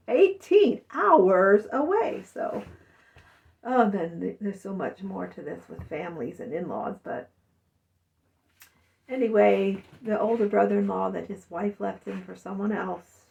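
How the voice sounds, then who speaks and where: A woman's voice: mid-range voice, lively intonation, unhurried, creaky, a little mellow, far from the mic, muffled recording. A middle-aged woman talking through a rambling, emotional personal monologue, sometimes mimicking her family's words. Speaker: vlogger.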